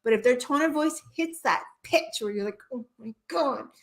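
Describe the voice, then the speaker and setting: A woman's voice: high-pitched, animated, fairly quick. A woman hypnotherapist speaking as a guest in a live-stream conversation, earnest and passionate, often restarting her sentences.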